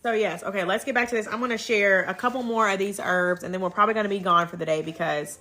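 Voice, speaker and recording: A woman's voice: medium pitch, fairly even intonation, quick pace, over a noisy crowd, heavy background noise. A woman hosting a casual herbal wellness livestream on her phone, chatty and upbeat, thanking viewers as she goes.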